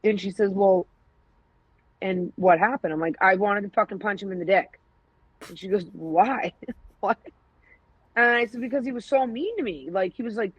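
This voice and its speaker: A woman's voice: medium pitch, moderate pace, long pauses, husky, no room sound, rough recording. A woman co-hosting a podcast, telling stories in candid casual chat, acting out quoted dialogue and swearing freely. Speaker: podcast co-host.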